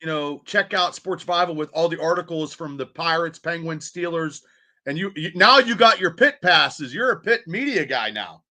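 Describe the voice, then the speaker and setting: A man hosting a sports podcast, easygoing and quick to agree in casual chat. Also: on the high side, expressive, sharp tone. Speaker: podcast host.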